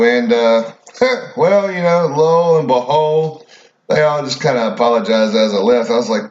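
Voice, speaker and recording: Male radio host, mid pitch, blunt and profane, casual rambling delivery, dull lo-fi audio. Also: unhurried, a little mellow, echoey room. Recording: dull lo-fi recording.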